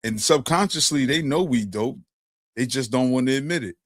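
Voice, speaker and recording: New host, animated streetwise storyteller, middle-pitched, dry close sound. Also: male voice, normal speed, no room sound. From Brooklyn, New York. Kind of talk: casual discussion.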